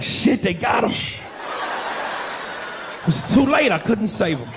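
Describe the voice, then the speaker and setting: A man's voice: on the high side, noisy background. Brash, profane male stand-up comic. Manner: loud, brash, profane, animated storytelling. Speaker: stand-up comedian. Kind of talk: stand-up comedy set.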